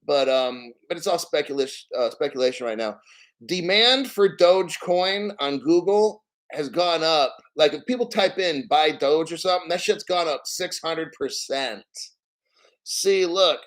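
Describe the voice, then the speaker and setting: A man with a slightly high voice hosts a casual crypto livestream. He rambles loosely between topics, swears freely and calls out viewers from the chat as they arrive. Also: lively intonation, a little slow, fairly bright tone. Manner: rambling, profane, reads chat names aloud. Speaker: crypto channel host.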